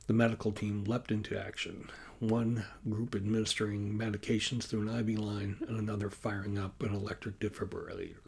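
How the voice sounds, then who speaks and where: Gravelly low-voiced man narrating. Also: darkish tone. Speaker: author reading his novel. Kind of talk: audiobook narration.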